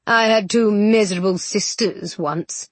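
A woman's voice: mid-range voice, a little slow, no room sound, lightly acted. A woman reading as a smug older villainous duke. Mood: scheming. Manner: silky and condescending. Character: scheming aristocratic male villain, older, smug.

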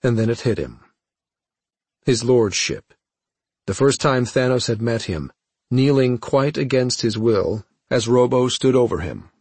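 A man giving scripted audiobook narration in a steady storytelling manner. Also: medium pitch, unhurried, breathy edge, no room sound.

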